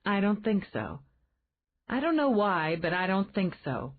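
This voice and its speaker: A woman's voice: medium pitch, a little slow, a little hiss or hum. A woman doing a flustered, outspoken young woman. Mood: animated. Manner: exclamatory, animated. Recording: tinny phone-like band.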